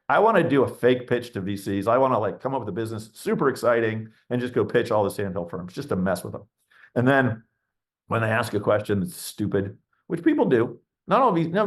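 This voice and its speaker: A middle-aged man talks frankly as a guest on a webinar. He is blunt and given to ranting, and his pitch sits right in the middle. He slips into quick mock voices to act out what other people say. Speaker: venture capital investor, webinar guest. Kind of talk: candid conversational webinar talk.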